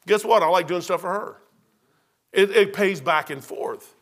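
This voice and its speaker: Man, 50s, pastor; homespun, joking sermon in church, high bright tone. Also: a little slow. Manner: folksy storytelling, self-deprecating humor.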